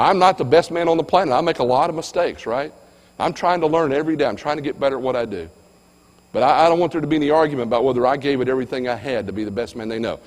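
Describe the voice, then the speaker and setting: A man delivering a motivational keynote in a large auditorium, his slightly high voice swinging from punchy bursts to near-whispers. His words trail off into a long hall reverb. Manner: emphatic, swings between loud and hushed.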